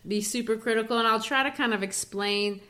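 A woman's voice: on the high side, fairly quick, bright, forceful tone. Woman co-host explaining poems, teacherly, chatty, restarts a lot. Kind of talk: casual educational chat.

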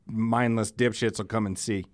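A man's voice: on the low side, fairly even intonation, moderate pace. A man co-hosting a podcast, talking in casual chat with profane, ranting banter. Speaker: podcast co-host.

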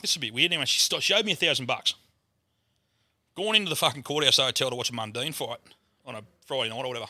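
A man's voice: mid-range voice, no echo, studio quality. An Australian man, a comedian, telling a crude story in casual chat. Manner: crude, swearing, animated yarn-telling. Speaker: guest comedian.

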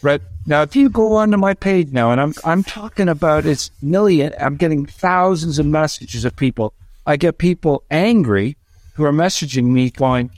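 A man's voice: fairly high pitch, normal speed, no echo. Man, stand-up comedian, casual podcast talk, rambling, restarts, dry voice. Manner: animated, rambling, frequent restarts.

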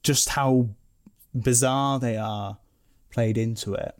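Male podcast co-host, casual chat, mid-pitched, rambling delivery with lots of restarts. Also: steady tone, takes it slowly, a little hiss or hum. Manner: rambling, many restarts and self-corrections.

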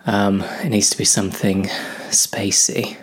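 A man's voice: fairly low pitch, level tone, a little slow, husky. Rambling man improvising a story. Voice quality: self-mocking, full of ums and restarts.

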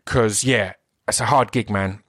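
A man's voice: lowish voice, measured pace, a bit bright, no echo, clean studio sound. A man with an Essex accent hosting his own podcast in an enthusiastic, rambling way, often breaking off and restarting. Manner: enthusiastic, rambling, self-interrupting. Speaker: podcast host and actor. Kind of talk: solo podcast intro.

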